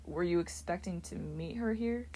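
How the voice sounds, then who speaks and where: A woman's voice: fairly low pitch, normal speed, dark tone, lightly acted. A woman voicing a respectful, well-mannered teenage boy hero. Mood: friendly. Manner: polite and respectful.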